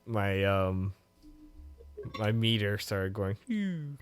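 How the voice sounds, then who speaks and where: A man's voice: medium pitch, unhurried. A man co-hosting a podcast, chatting casually and animatedly, swearing freely. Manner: animated, swears freely, bursts into loud laughs. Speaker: podcast co-host. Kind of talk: casual chat.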